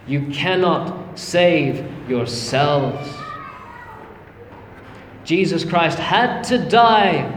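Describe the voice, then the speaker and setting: A man's voice: on the high side, a little hiss or hum. A man preaching a sermon, earnest and emphatic, calling his listeners friends. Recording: echoey hall with long reverb, faint ambience.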